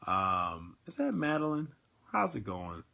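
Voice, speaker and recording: A man's voice: fairly low pitch, wildly swooping pitch, a little slow, gravelly, bright, forceful tone. A man hosting a casual livestream, talking in an earnest, emotional way with many filler words and ums. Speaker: network marketing livestream host.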